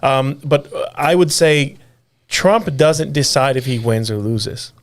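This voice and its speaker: A man's voice: medium pitch, slow pace. A man co-hosting a casual political podcast, talking animatedly with frequent stammered restarts. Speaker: podcast co-host.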